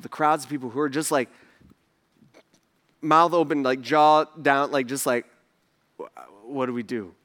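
A male pastor delivering a sermon with a high, bright and forceful voice. He talks to the congregation casually, throws rhetorical questions at them and pushes his emphatic points hard. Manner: conversational, asks the audience rhetorical questions; emphatic, builds to forceful passages.

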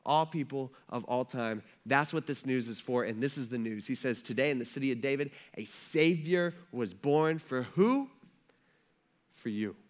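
A man in his thirties preaching a sermon from a church stage, telling stories in an animated, conversational way with lots of asides. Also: mid-range voice, moderate pace. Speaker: pastor.

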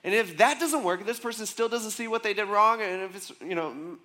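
Male pastor with a high voice, casual storytelling sermon, chatty asides. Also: a little fast, sharp tone. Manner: conversational storytelling with frequent asides.

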